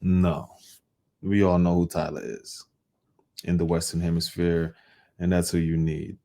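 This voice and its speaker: Deep-voiced man riffing sarcastically. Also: little pitch movement, moderate pace, vocal fry, mellow. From United States. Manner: loose, sarcastic asides. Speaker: commentary host reacting to clips. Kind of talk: casual reaction commentary.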